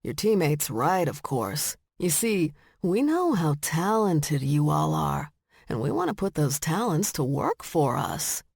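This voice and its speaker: A woman's voice: deep voice, sing-song, a little slow, creaky, darkish tone, slightly rough, no room sound, clean studio sound, exaggerated voice. A woman narrator voicing a composed young male lion shifter, speaking in a patient, formal way. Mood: businesslike.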